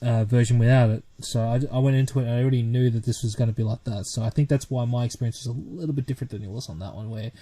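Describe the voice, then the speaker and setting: A man co-hosting a podcast, chatting in a relaxed way with hesitant restarts. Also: medium pitch, rapid-fire, few pauses. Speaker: podcast co-host. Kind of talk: casual chat. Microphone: podcast microphone.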